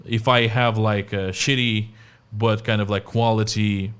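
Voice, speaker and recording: A man talks casually on a podcast, his voice sitting a little low and sounding clean and smooth. He tells stories with lively asides, slipping into the voices of the people he quotes. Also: unhurried. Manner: animated storytelling, acts out quoted voices. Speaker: podcast co-host. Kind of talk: casual chat.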